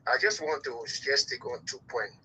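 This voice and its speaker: A man phoning in to a radio show, explaining his points one by one in a measured way. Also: medium pitch, bright, forceful tone, a little hiss or hum. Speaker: caller. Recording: muffled phone line.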